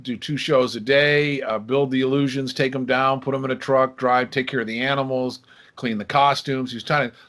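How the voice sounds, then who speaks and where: A man's voice: medium pitch, normal speed. A man in his sixties telling stories casually as a podcast guest, acting out the dialogue of the people in them. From Michigan, USA. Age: 60s. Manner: lively storyteller who acts out quoted dialogue. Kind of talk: casual interview storytelling.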